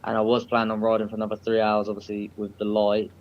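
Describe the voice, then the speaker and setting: A man's voice: on the low side, monotone, fast talker. Male guest, friendly slangy chat, muffled call sound.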